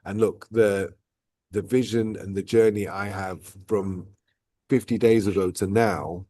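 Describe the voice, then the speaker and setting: Unhurried and steady, the man from outside Dubai hosts his vlog, sharing stories in a long, rambling, reflective chat. His low, warm voice keeps returning to "look" and "right?" The recording is dry and close to the mic.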